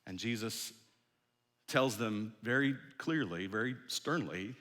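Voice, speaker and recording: A man, a pastor, preaching a sermon in a conversational storytelling way that often drops soft and low. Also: expressive, takes it slowly. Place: large church hall. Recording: long hall reverb.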